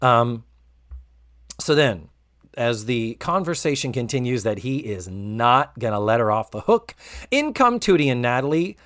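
A podcast co-host recapping a TV episode in casual chat, animated and quoting the characters. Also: medium pitch, unhurried, dry recording, studio quality. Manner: animated, quotes and mimics characters.

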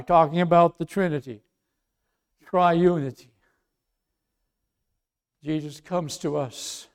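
Man preaching, high voice, slow deliberate delivery, loud then hushed. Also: fairly even intonation, vocal fry. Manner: swings from loud emphatic preaching to soft quiet asides. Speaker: pastor. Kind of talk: sermon.

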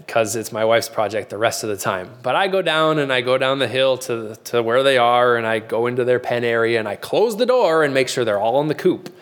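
A middle-aged pastor with a mid-range voice preaches in an earnest, conversational way, frequently restarting his phrases. A long reverb tail trails his words.

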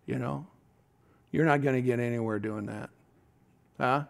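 A middle-aged man preaching a sermon in a folksy, animated way, tossing out asides to the congregation. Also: mid-range voice, a little slow, creaky, pauses often. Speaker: pastor.

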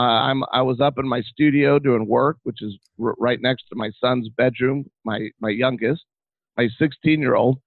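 A man's voice: medium pitch, vocal fry, no echo. A middle-aged man talking as a guest, telling stories with animation and many restarts. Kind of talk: casual interview chat. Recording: tinny phone-like line.

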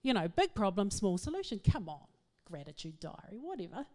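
A middle-aged woman, giving a humorous, self-mocking talk to an audience in an animated storytelling manner. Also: medium pitch, brisk. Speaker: speaker.

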